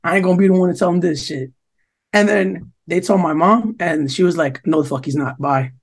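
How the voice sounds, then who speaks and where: A man's voice: sits high, fairly quick, vocal fry, husky. A young man from New Jersey, co-hosting a podcast, telling a long, profane story in casual chat and quoting other people's lines. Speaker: podcast co-host.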